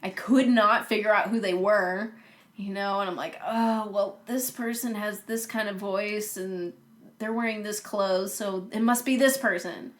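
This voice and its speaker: A young woman co-hosting a casual podcast, telling stories with lots of laughter and animated bursts. Her voice sits at an ordinary middle pitch for a woman. She talks in a loose, chatty way. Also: measured pace. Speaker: podcast co-host. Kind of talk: casual storytelling chat.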